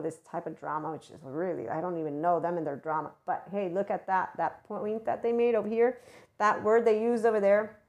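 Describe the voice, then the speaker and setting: A woman hosting a casual channeled spiritual guidance talk, playful and animated, often acting out excited chatter. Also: mid-range voice. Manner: animated, playful, acts out enthusiastic voices. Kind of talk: spiritual monologue.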